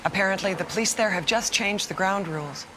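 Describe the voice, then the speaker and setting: An actress playing a female TV news co-anchor with crisp, measured newsreading. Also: medium pitch, noisy background, close to an everyday voice. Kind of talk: scripted TV news reading.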